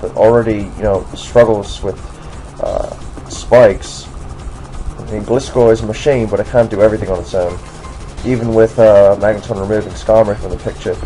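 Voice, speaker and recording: A man's voice: lowish voice, warm tone, rough recording. An American man commentating a game match in a casual, rambling way, putting on a generic British accent. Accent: put-on generic British accent. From United States. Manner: rambling, many fillers and restarts.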